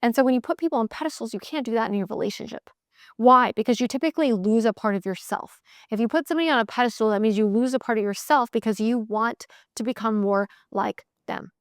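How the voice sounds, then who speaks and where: Woman host, motivational solo talk, fairly high, smooth voice, emphatic repetition. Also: quick pace, dry recording, studio quality. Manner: emphatic, repeats phrases in bursts; candid, swears casually. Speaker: sales coach podcast host.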